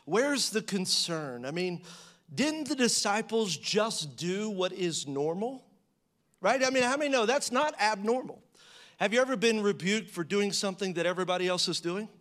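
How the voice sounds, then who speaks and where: A man with a high-pitched voice preaches a sermon in a conversational way. He fires rhetorical questions at his listeners and acts out prayers and quotes, his pitch and volume rising as he does. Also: lively intonation, moderate pace, fairly bright tone. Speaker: pastor.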